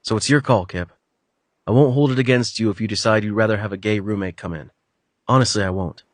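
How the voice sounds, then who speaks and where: A man's voice: fairly low pitch, fairly quick, dry recording, close to an everyday voice. A male narrator voicing an earnest, determined young man who speaks in an eager, persuasive way, in an audiobook. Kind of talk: audiobook character voice.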